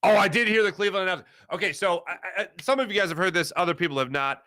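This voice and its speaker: A middle-aged man hosting a live sports talk show, answering chat in a rambling, animated way. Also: racing, no room sound, clean studio sound. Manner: animated, rambling, swings between low asides and loud bursts.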